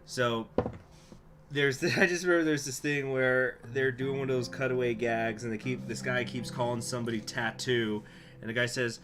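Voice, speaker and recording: A man's voice: medium pitch, fairly even intonation, moderate pace, noisy background. A man casually reading game text aloud and chatting, self-deprecating, with guitar music playing behind. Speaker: streamer playing a political game.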